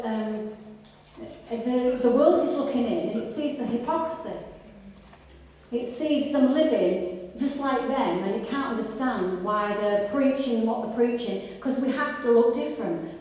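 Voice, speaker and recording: A woman preaches to her congregation, earnest and chatty, and she often restarts her sentences. Her voice sits fairly high. It is heard from a distance in a large hall with long, echoing reverb. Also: lively intonation, a little slow, darkish tone. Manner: earnest and conversational, with restarts and rising fervour. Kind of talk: sermon. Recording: echoey hall, voice from far off.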